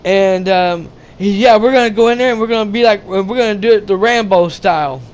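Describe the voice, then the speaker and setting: A man retelling a movie's plot in a casual, halting, profane way, often restarting his sentences. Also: sits high, clear, resonant tone. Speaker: gaming channel host.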